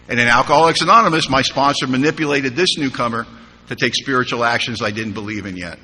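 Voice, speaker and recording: Bright-voiced man speaking in an echoey hall. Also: mid-range voice, fast, a little hiss or hum. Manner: humorous, animated storytelling with quoted dialogue. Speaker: recovery meeting speaker. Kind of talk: personal story told to a live audience. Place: large conference hall. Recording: live hall recording with reverb.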